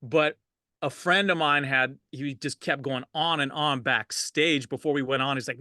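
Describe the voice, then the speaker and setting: A man's voice: fairly high pitch, lively intonation, unhurried, pushed and bright, dry recording, studio quality. A middle-aged man, a DJ, telling stories in a casual interview, laid-back and laughing often, livening up when he quotes people. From Los Angeles. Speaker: DJ, interview guest.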